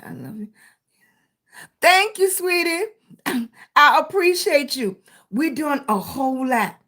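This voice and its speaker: A middle-aged Southern woman hosts a casual live stream, talking in a high, bright voice. She takes her time, greets viewers by name with "sweetie" and "baby," and cheers them on to keep going. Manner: warm greetings to chat viewers, with terms of endearment; encouraging, motivational. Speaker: livestream host.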